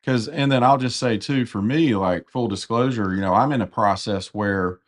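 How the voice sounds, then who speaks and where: A man's voice: lowish voice, moderate pace. Man, southern US accent, podcast co-host, rambling, candid chat. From Carolinas, US. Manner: rambling, self-correcting, candid. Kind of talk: casual conversation.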